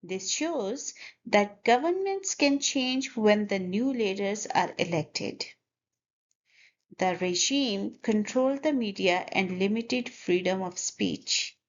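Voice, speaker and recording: A woman's voice: medium pitch, expressive, slow, lo-fi sound. A woman teaching English pronunciation, carefully over-articulating words and repeating them for learners to copy. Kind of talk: slow, deliberate pronunciation lesson.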